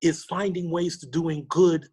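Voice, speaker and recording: A middle-aged man from New York, a podcast guest, telling a personal story with lively quoted dialogue. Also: on the high side, a little slow, breathy edge. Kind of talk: storytelling interview.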